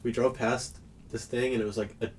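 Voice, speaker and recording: A man's voice: medium pitch, flat delivery, brisk, a little mellow, slight background noise. A young man in casual podcast chat, talking loosely with lots of hesitation and fillers. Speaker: podcast co-host.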